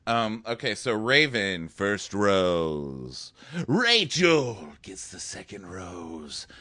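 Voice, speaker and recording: A man's voice: low-pitched, very slow, no room sound, studio quality. A man co-hosting a casual, joking chat and retelling scenes with energy. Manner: joking, animated storyteller. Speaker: podcast co-host.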